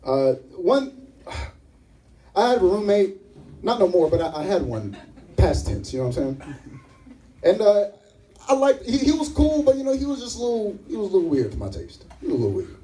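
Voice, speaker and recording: This young adult performs stand-up in a comedy club, voicing the characters in his stories as he animates them. He speaks with a high-sitting voice at a moderate pace, leaving long pauses. It's a low-quality recording picked up from a distant mic.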